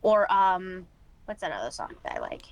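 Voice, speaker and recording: A woman who streams, answering interview questions in a relaxed way and laughing easily. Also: fairly low pitch, normal speed, vocal fry, poor audio. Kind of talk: casual online interview.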